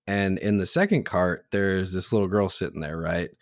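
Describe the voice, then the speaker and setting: Laughing low-voiced male podcast co-host. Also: moderate pace, no echo, clean studio sound. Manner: laughs through his stories, acts out quoted voices. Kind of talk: casual chat.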